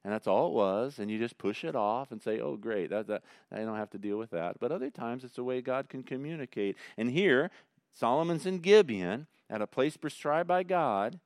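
A man preaching a sermon in a conversational way, swinging between loud emphasis and quiet asides. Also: medium pitch, expressive, moderate pace, dry recording, studio quality. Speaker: pastor.

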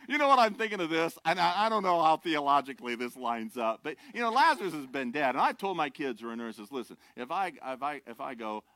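An older male pastor preaching a sermon with a bright, forceful tone. His delivery swings from impassioned near-shouting to hushed, joking asides. The sound is close and dry. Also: fairly high pitch, sing-song, quick pace, few pauses, no room sound.

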